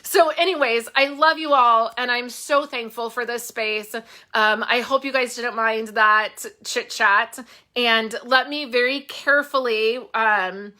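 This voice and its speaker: Craft-channel host, female, bright tone, heartfelt rambling chat into a phone. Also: on the high side, steady tone, a little slow. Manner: candid, heartfelt, rambling with fillers. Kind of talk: casual live-stream chat.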